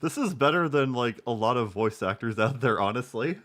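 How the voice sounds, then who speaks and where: A man's voice: medium pitch, animated, a little fast, a bit bright. A man in his twenties, casually commenting on a live stream, rambling and repeating himself. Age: 20s.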